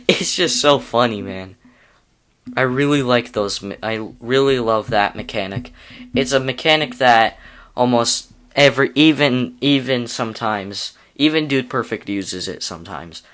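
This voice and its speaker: A man's voice: mid-range voice, a bit bright. A young man casually walking through a video editing tutorial, rambling and correcting himself with amused asides. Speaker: YouTube tutorial creator.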